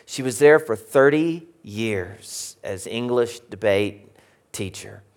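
A man with an Arkansas Southern accent telling a humorous story to an audience, animated and jokey, swinging from loud to hushed. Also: mid-range voice, slow pace. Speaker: speaker.

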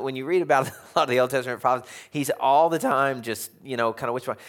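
A man's voice: mid-range voice, a bit bright. A man preaching a sermon as pastor, conversational, with wry humorous asides and rhetorical questions to the congregation.

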